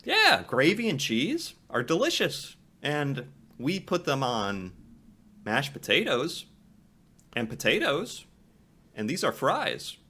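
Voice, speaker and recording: A man's voice: a little high, huge pitch swings, slow pace, pushed and bright. A man reacting to a video in casual commentary, thinking aloud and musing with restarts.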